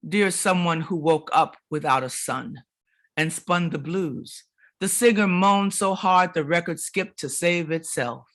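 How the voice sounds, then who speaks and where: A woman poet giving a dramatic, rhythmic reading of her poems at a literary event, swinging between forceful lines and hushed ones. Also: fairly low pitch, measured pace. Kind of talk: performed poetry reading.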